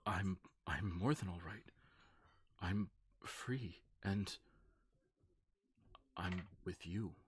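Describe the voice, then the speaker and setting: Man doing an old serpent patron, low-pitched, halting, near-whispered wonder. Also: husky, dry recording, heavily acted. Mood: relieved. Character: freed ancient male serpent patron, stunned, tender.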